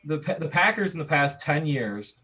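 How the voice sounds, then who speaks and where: On a podcast, an American co-host makes his case in a casual sports debate, animated and quarrelsome, with lots of restarts. He speaks at a moderate pace in a fairly high-pitched voice with a breathy edge.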